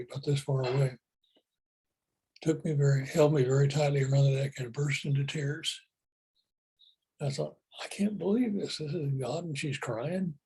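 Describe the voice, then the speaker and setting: Man, personal storytelling, mellow husky voice, calm, matter-of-fact. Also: medium pitch, poor audio. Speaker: speaker telling spiritual experiences.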